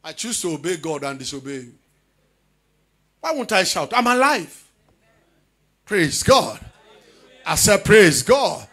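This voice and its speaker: A middle-aged man, preaching a charismatic sermon loudly and often shouting. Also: on the high side, big pitch swings, normal speed, pauses often. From Nigeria. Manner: loud preaching with frequent shouting. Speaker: pastor.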